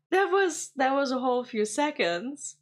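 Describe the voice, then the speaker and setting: Laughing woman streamer. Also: sits high. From Germany. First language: German. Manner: rambling, laughs often, swears casually. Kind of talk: casual reaction stream chat.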